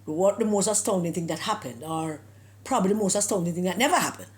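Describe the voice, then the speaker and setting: A woman's voice: fairly low pitch, animated, fast talker. Emphatic Jamaican woman scornfully ranting. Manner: emphatic, scornful rhetorical questions, slips into patois. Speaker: political commentator. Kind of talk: opinion monologue.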